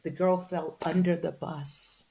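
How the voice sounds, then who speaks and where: Woman, low voice, middle-aged, animated storyteller, candid interview guest. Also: measured pace, rough recording. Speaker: guest, journalist and author.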